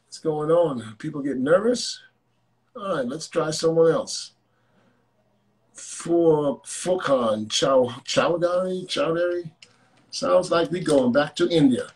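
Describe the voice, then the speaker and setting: A man's voice: fairly high pitch, slow. Joking, blunt male stream host. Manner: blunt, joking, swears freely. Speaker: host of a live call-in show. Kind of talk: casual live-stream chat.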